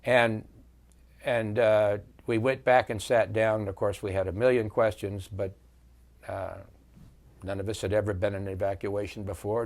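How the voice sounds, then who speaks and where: Interviewed as a veteran, this man in his seventies walks through his war memories with careful storytelling and regular pauses, in a lowish voice.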